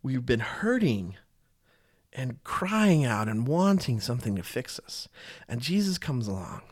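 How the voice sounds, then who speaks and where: A man's voice: mid-range voice, sing-song, a little slow. A man giving a casual, earnest Bible teaching, talking conversationally and often repeating and restarting his phrases.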